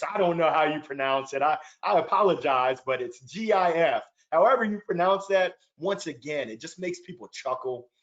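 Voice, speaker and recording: A man's voice: fairly high pitch, dull audio. A man speaking as a panel guest in a webinar, upbeat and earnest, often repeating words as he starts a thought, heard over a video call. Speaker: panel guest, sales leader.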